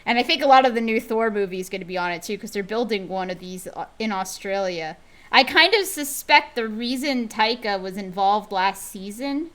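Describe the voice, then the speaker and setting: Woman host, casual stream chat, bright and animated, quick laughter. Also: mid-range voice.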